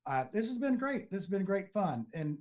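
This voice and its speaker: A man's voice: high-pitched, big pitch swings, moderate pace, a little mellow. A man hosting a podcast in casual chat, rambling with many fillers and restarts. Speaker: podcast host.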